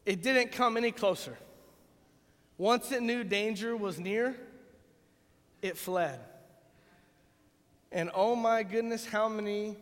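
A man preaching a sermon, telling a funny story in an animated, joking way. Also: sits high, slow, long pauses. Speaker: pastor. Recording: long reverb in a big hall.

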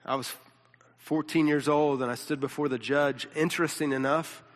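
A man's voice: a little high, steady tone, normal speed. A pastor teaching a sermon in a casual, conversational way, often repeating words and checking in with his listeners. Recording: long reverb of a large hall.

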